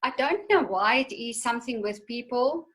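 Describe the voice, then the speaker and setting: A woman hosts a video call interview in an earnest, encouraging manner. Her voice is bright and sits a little high. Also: expressive, moderate pace, rough recording. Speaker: host.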